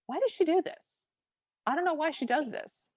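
A woman's voice: high-pitched, moderate pace, no echo. A grown woman co-hosting a podcast, casually recapping a movie scene by scene and acting out quoted lines. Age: adult. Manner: animated storytelling with quoted lines. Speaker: podcast co-host.

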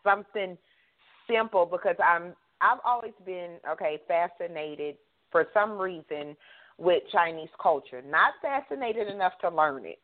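A chatty woman host asks curious questions and thinks aloud, sometimes correcting herself mid-thought. Her voice sits a little low for a woman and comes through a tinny phone line. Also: expressive, measured pace. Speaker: radio show host. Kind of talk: casual interview chat.

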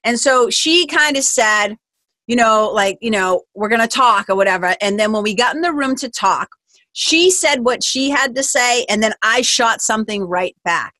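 Chatty woman telling a story, bright-pitched. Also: normal speed, dry recording. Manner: animated, lots of "like", swears casually. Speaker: podcast host. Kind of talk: casual storytelling monologue.

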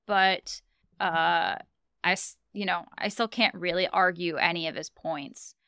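Young woman podcast cohost, bright crisp voice, dry close sound, chatty and animated. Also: lowish voice, unhurried, dry recording. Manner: animated, laughs often, retells scenes. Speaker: podcast co-host. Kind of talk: casual chat.

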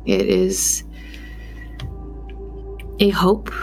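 Woman, tabletop role-play player, in character, formal, measured, gravelly creaky voice. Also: lowish voice, little pitch movement, soft background music. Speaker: player voicing a vampire.

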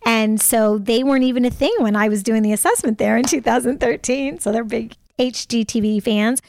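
A talkative woman guest telling stories in a casual interview, speaking in quick animated bursts. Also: on the high side, vocal fry. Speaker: podcast guest.

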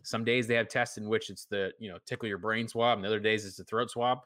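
A low-voiced man from Maine co-hosting a casual podcast. He talks in a wry, loose way, dotting his sentences with "you know" and "like." The sound is close and dry. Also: fairly even intonation, fast, a bit bright, dry recording. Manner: wry, conversational, with many "you know" and "like" fillers. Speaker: podcast co-host. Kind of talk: casual chat.

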